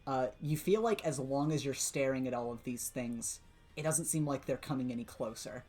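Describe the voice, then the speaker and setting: A man's voice: medium pitch, moderate pace, a little mellow, faint music behind. Man running a tabletop game, chatty and laughing. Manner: chatty, laughs often, many fillers and restarts. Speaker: game master.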